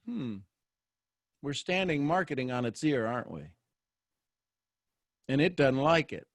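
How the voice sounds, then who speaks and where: A man hosting a motivational live show for an online audience. He is animated and joking and often restarts his sentences. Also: mid-range voice, a little slow, no echo.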